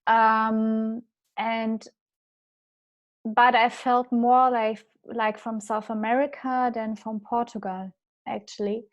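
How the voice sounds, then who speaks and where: A woman in her thirties with a German accent, a native German speaker, talking as a podcast guest in a halting way and laughing often. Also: on the high side, little pitch movement, highs cut off. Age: 30s. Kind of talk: casual interview chat.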